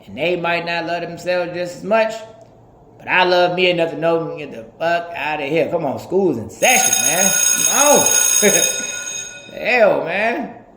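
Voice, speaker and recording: A man in his thirties talking in a casual, animated, profane podcast monologue, laughing often. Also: on the high side, normal speed, reverberant, background noise. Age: 30s. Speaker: podcast host.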